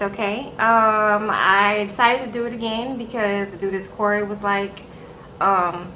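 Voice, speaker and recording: A woman's voice: medium pitch, steady tone, a little slow, pushed and bright, a little hiss or hum. A young woman chatting casually to her viewers as she recaps a TV episode, often checking in with "okay?". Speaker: TV show reviewer. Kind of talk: casual chat.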